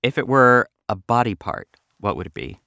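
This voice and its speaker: Playful male interviewer, lively pitch. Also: normal speed, gravelly, no echo, clean studio sound. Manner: playful, laughs along, quiz-style questions. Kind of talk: casual interview.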